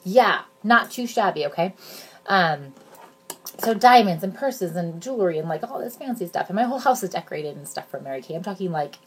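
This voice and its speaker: A woman in her thirties giving a casual, chatty sales pitch straight to her viewers, bubbly and jokey. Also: expressive, brisk. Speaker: direct sales consultant.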